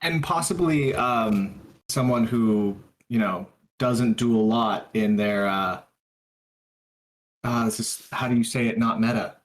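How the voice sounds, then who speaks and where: A man playing a tabletop game, talking casually in a hesitant, halting way. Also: medium pitch. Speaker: player.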